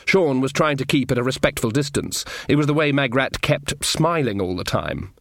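A man narrating a story in a wry, measured way. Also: medium pitch, lively intonation, gravelly, dry recording, studio quality. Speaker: audiobook narrator. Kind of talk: scripted narration.

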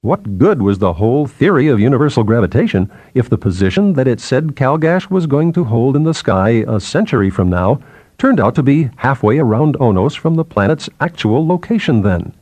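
A man narrates a story in a measured, expressive way, at a mid pitch typical for a man. The recording is dry and close, with no room sound. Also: no room sound. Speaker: audiobook narrator. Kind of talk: scripted narration.

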